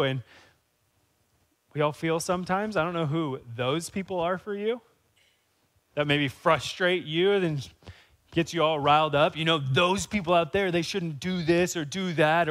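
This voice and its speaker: A man preaching a sermon as pastor, speaking conversationally and rising to animated emphasis. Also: a little high.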